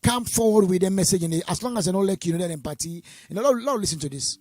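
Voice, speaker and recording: A Sierra Leonean man hosting an online talk show, speaking haltingly as he searches for words. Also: high-pitched, animated, darkish tone, no echo. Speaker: host.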